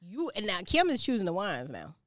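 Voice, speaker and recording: A woman's voice: medium pitch, wildly swooping pitch, brisk, no room sound, studio quality. A woman co-hosting a podcast in casual chat, playful and teasing, laughing often. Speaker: podcast co-host.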